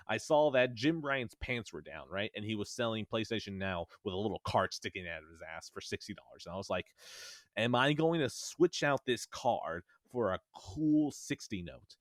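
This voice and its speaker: A man's voice: fairly low pitch, no room sound, studio quality. A man co-hosting a casual podcast from home, swearing a lot and ranting sarcastically. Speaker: podcast co-host. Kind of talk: casual chat. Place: at home in a bedroom.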